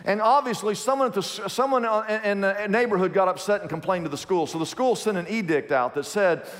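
A man preaching a sermon as a pastor, telling stories in an animated way and repeating his phrases. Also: high voice, quick pace, big-room sound. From Kansas, USA.

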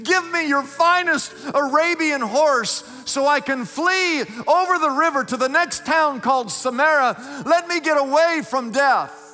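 A man's voice: very high voice, measured pace, few pauses, bright, forceful tone, voice pushed up, exaggerated voice. A man voicing a frightened male servant who begs to flee from death, speaking urgently. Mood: frightened pleading. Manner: pleading, urgent. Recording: echoey hall with faint music.

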